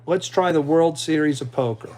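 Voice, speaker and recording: A man's voice: a little high, moderate pace, darkish tone. A man hosting a casual livestream, chatting loosely with his viewers and an AI assistant. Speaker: livestream host.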